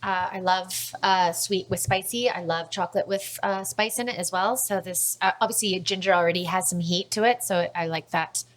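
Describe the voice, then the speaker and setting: Chatty woman with a lowish voice. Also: moderate pace, few pauses, slight background noise. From Canada. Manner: chatty, enthusiastic, frequent fillers. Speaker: food tour operator and podcast guest. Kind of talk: casual chat.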